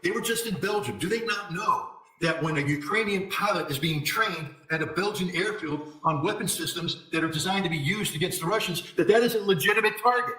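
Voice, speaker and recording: A man's voice: sits high, fairly quick, hardly any pauses. Emphatic man in an echoey room. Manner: forceful, repetitive emphasis, sarcastic asides. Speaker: interview guest, military commentator. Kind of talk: emphatic political commentary.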